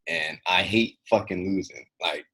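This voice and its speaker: A man's voice: low voice, measured pace, fairly bright tone, breathy edge. A young man co-hosting a casual podcast, telling a story with lots of swearing and acted-out quotes. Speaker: podcast co-host.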